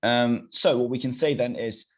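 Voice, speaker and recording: A young man teaching a live online language class over a video call, encouraging and repeating phrases slowly. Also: mid-range voice, fairly even intonation.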